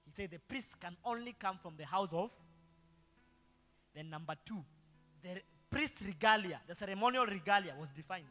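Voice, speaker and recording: A man's voice: high-pitched, lively intonation, moderate pace, pushed and bright. A male pastor preaching a sermon, throwing rhetorical questions to the congregation. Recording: long hall reverb with faint guitar.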